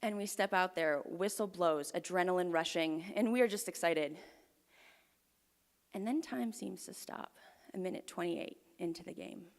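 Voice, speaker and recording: A young woman telling a personal story live on stage to an audience, earnest and often dropping to a hushed near-whisper. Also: fairly low pitch, moderate pace, creaky. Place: performance venue with audience. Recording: long hall reverb.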